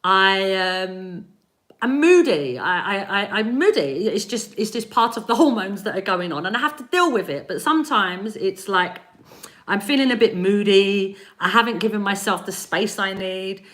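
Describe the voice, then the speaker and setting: A woman energy healer giving a live-stream spiritual reading, animated and encouraging, laughing often as she talks straight to her viewers. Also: mid-range voice, normal speed. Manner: speaks directly to chat viewers.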